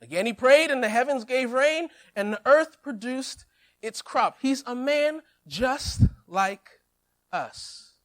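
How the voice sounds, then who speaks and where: Man preaching a lively, humorous sermon. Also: very high-pitched, slow. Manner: lively storytelling with humor and acted-out quotes. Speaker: pastor.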